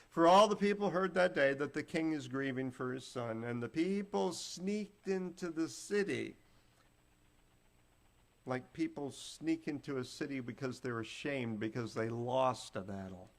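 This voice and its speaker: A man's voice: on the high side, creaky. A man preaching a Bible teaching sermon, retelling scripture in plain, folksy words and acting out the quotes.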